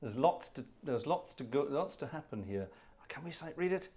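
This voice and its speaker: A man's voice: on the high side, animated, normal speed, darkish tone. A man hosting a live organ music stream, chatting casually and rambling between tunes, humming melodies aloud and reading viewer requests.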